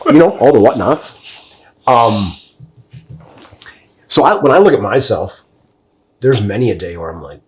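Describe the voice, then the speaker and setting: A man's voice: fairly low pitch, very animated, a little slow, pauses often. A man talking bluntly and profanely in a casual podcast conversation, wandering off topic. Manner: tangential, loses his thread. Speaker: podcast co-host.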